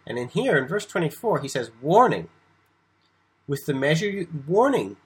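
A man's voice: fairly high pitch, lively intonation, fast talker, slightly rough, low-quality recording. A man giving an informal Bible lecture, talking conversationally with restarts and asides. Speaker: Bible teacher.

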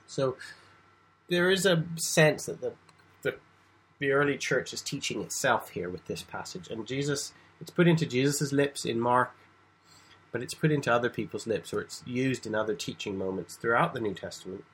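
A man's voice: mid-range voice, moderate pace, fairly bright tone, slightly rough, rough recording. A man giving an informal Bible lecture, talking conversationally with restarts and asides. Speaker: Bible teacher.

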